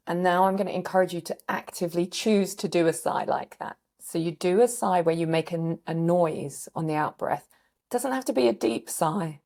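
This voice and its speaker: A woman coach gently guiding a calming practice, sighing often, her throat a bit scratchy. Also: lowish voice, moderate pace. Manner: gentle, permissive guiding with frequent sighs. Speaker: recovery coach. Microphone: desk mic on a video call.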